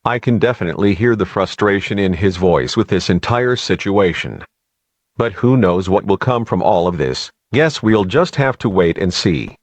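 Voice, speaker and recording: A man playing a radio news host, asking calm, measured questions in an amateur audio drama. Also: fairly low pitch, no room sound. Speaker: radio interviewer.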